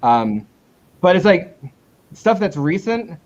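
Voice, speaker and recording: Speaking slowly in a sing-song voice with a darkish tone, a male comic book creator chats casually in an interview over dull audio. He rambles and restarts himself, jumping up in pitch when he retells conversations.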